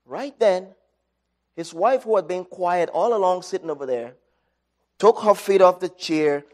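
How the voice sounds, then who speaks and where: A middle-aged man gives an inspirational talk, recounting a personal story with dramatic swings between loud and quiet. His voice sits high and he takes his time.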